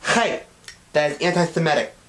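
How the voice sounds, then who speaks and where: A man's voice: on the high side, normal speed, fairly bright tone, slight background noise. Sarcastic male reviewer in an echoey room. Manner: exasperated, mocking. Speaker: show reviewer.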